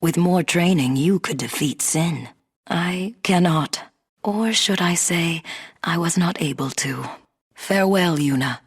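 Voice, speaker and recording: A husky, stately summoner mentor. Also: female voice, fairly low pitch. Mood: calm, stately. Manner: stately, measured. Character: proud veteran woman summoner, calm mentor. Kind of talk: game voice acting.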